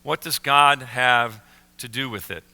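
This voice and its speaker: A man preaching a sermon as pastor, slowing down and leaning on key words. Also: mid-range voice, steady tone, sharp tone. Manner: slow emphatic phrasing with pauses on key words. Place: church sanctuary. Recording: reverberant church sanctuary.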